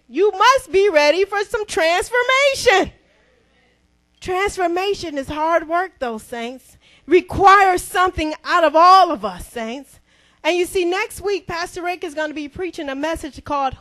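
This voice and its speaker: A woman pastor, preaching a sermon with emphatic call-and-response and near-shouts. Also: very high-pitched. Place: church.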